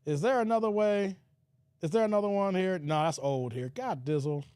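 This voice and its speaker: A man hosting a casual livestream, reading chat comments in an animated way, with stuttered repeats and frequent laughter. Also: high-pitched, moderate pace, clear, resonant tone, no room sound, clean studio sound. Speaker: livestream host.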